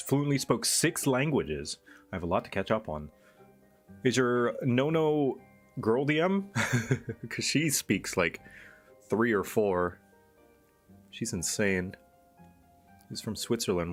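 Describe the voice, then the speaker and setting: A man's voice: lowish voice, animated, unhurried, long pauses, soft background music. A man streaming and chatting casually, explaining things in a rambling way with fillers. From Thailand. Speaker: streamer host. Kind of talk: casual chat.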